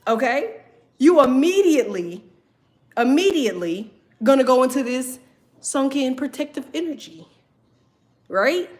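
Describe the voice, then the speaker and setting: A young woman talks straight to her viewers with emphatic, blunt delivery. She curses constantly and pushes her point home. Her voice sits a bit high. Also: very animated, measured pace, pauses often, a little mellow. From Southern United States. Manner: blunt, heavy cursing, emphatic. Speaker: tarot reader teaching a class. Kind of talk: profane motivational talk to viewers.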